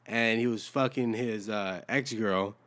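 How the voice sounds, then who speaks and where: A man's voice: on the low side, unhurried, a bit bright. A man chatting crudely and casually as a podcast guest, mostly tossing in short remarks. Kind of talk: casual chat.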